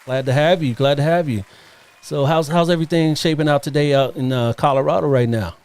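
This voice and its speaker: A man's voice: fairly high pitch, fairly quick, darkish tone, clean tone. A man hosting a live online interview show, upbeat and chatty, often repeating himself, heard over a video call. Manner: upbeat, repeats phrases, loose filler. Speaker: talk show host.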